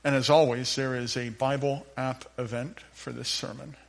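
A man preaching a sermon at church as the pastor, playful and animated, with the congregation joining in. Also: mid-range voice, normal speed, creaky. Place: church sanctuary.

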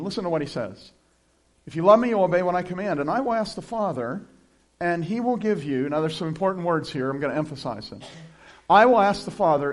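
A male pastor preaching a sermon in a relaxed, conversational way, with chuckling asides between scripture readings. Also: a little high.

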